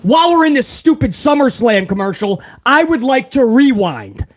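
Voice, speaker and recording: Male host with a high voice, profane and ranting, often shouting. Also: big pitch swings, moderate pace. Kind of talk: profane live-stream rant.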